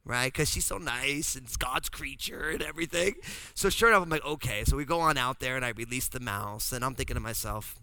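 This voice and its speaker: A pastor from New Jersey telling a funny family story in a sermon, acting out the voices of the people in it. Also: male voice, mid-range voice, brisk, clean tone, no echo. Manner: animated, acts out voices in his story.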